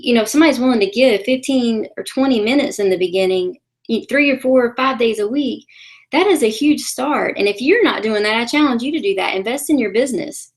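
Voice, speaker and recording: Chatty woman coaching her sales team. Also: mid-range voice. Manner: conversational, frequent ums, encouraging. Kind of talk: training call talk.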